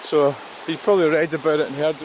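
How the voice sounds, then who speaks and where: A man's voice: on the high side, steady tone. A Scottish man chatting casually as he walks outdoors by a river, rambling, swearing now and then, and talking to the camera. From Scotland. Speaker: vlogger. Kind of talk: casual walking vlog talk. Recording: rushing stream noise outdoors.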